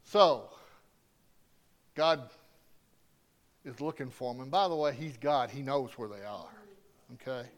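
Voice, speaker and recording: A man preaching a sermon with strong emphasis, swinging between loud declarations and hushed asides. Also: mid-range voice, takes it slowly, pauses often.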